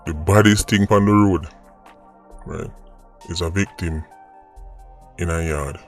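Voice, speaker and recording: A man's voice: deep voice, steady tone, slow, soft background music. A Jamaican man hosting an opinion vlog, arguing his point and tagging rhetorical "right?" onto his sentences. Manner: argumentative, rhetorical "right?" asides. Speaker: vlog host. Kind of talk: opinion commentary.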